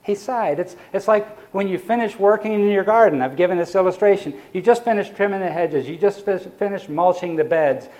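Man preaching a slow, varied Sabbath sermon. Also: high voice. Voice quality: sighs for emphasis. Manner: varies pace and loudness, slows on key phrases, drops soft for quoted reflections.

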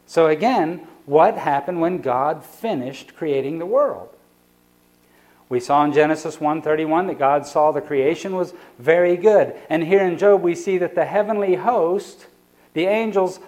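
A man preaching a sermon. He speeds up and slows down, and drops to a soft, quiet voice for quoted reflections. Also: on the high side, lively intonation. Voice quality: sighs for emphasis. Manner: varies pace and loudness, slows on key phrases, drops soft for quoted reflections.

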